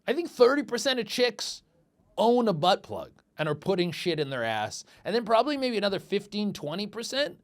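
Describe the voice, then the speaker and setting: A man's voice: high-pitched, sing-song, a little fast. A man hosting a comedy podcast, rambling crudely and acting out little quoted exchanges. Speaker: podcast host.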